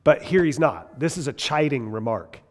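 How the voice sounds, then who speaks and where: A man teaching a Bible class in a lively, conversational way, asking his listeners questions as he goes. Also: mid-range voice, normal speed, long reverb tail. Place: large classroom or hall.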